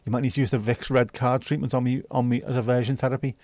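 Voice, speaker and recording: A man's voice: mid-range voice, level tone, fast talker, darkish tone, no room sound. A man hosting a casual livestream, chatty and jokey as he reacts to chat messages. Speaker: livestream host.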